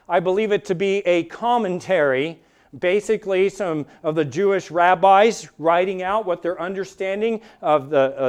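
A man's voice: high-pitched, smooth. A man preaching a sermon, with emphatic delivery that swells and drops for dramatic effect. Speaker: pastor.

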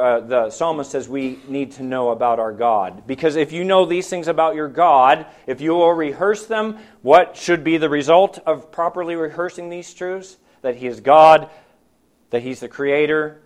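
A man preaching a sermon, posing questions to the congregation and swinging between loud, emphatic lines and hushed, quiet ones. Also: a little high, normal speed. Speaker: pastor.

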